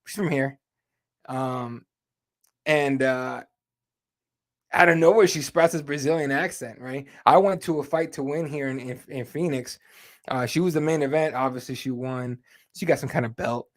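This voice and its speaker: A man's voice: mid-range voice, moderate pace. A man hosting a casual live chat show, talking loosely with plenty of fillers and free swearing. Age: adult with kids. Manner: loose and conversational, swears freely, many fillers. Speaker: host.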